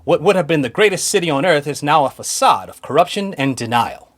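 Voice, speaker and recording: A man's voice: on the high side, expressive, fairly quick. A man voicing a brooding, disillusioned 1930s male millionaire detective, reading with a Mid-Atlantic accent in a grave, formal noir style. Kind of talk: noir monologue read aloud.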